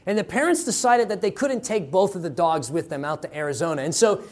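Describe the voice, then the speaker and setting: A man preaching a sermon, telling a story with dramatic swings in loudness. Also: high voice, brisk. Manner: dramatic, varies loudness for effect.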